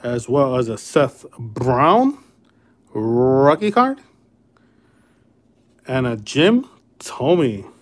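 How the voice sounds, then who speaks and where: A man's voice: mid-range voice, big pitch swings, extremely slow, pauses often. A man hosting a casual livestream card break, laid-back and friendly with viewers, calling them brother and man. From Chicago area.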